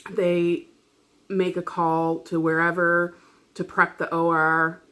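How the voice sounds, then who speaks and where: A woman's voice: lowish voice, monotone, takes it slowly, fairly bright tone, clear, resonant tone. A woman vlogger telling a personal story in casual chat, rambling, swearing freely and laughing often.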